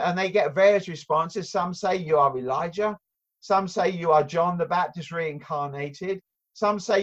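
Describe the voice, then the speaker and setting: An older man preaching a sermon in an earnest, halting way, with many restarts and rhetorical questions. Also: sits high, lo-fi sound.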